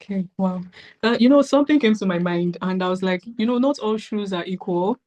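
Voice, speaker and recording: A woman's voice: mid-range voice, fairly quick, a little mellow. A woman hosting a podcast interview, asking questions and responding with short affirming sounds. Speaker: podcast host. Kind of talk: casual interview conversation.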